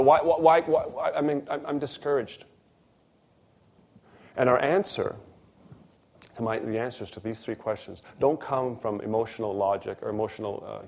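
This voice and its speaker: A man preaching a sermon, telling a story and acting out the dialogue. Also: medium pitch. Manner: animated storyteller, acts out dialogue.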